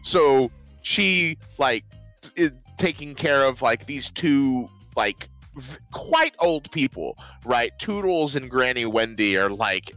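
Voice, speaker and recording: A podcast co-host casually reviewing a movie, acting out scenes with loud, playful screams. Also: mid-range voice, lively intonation, slow, soft background music.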